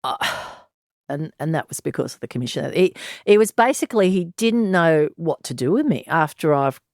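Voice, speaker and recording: A woman's voice: deep voice, animated, normal speed, a little mellow, dry recording, studio quality. An Australian woman in her sixties, a former detective, telling her story frankly and bluntly in an interview. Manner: frank, blunt, earthy, with sighs and laughs. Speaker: former police detective, guest.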